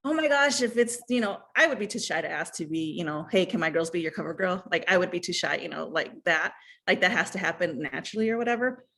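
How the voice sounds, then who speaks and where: A woman in her thirties or forties telling a personal story in a chatty, animated way, full of fillers and asides. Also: on the low side, fast talker, gravelly. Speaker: guest sharing fan memories. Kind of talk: casual storytelling chat.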